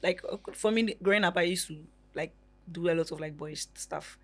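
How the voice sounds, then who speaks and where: A woman co-hosting a podcast, chatting casually and laughing easily in an animated way. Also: lowish voice, normal speed. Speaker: podcast co-host.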